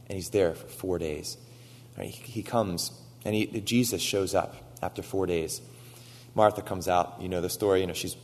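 A man preaching a sermon, retelling stories with animated quoted lines and frequent "right?" asides. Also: deep voice, long reverb tail. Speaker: pastor.

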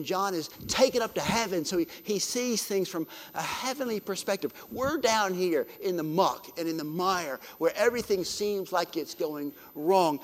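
A man preaching a sermon with a slightly raised voice. He swings from ringing emphasis to hushed, drawn-out phrases, and his words trail off in the long reverb of a large hall. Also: sits high. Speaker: pastor.

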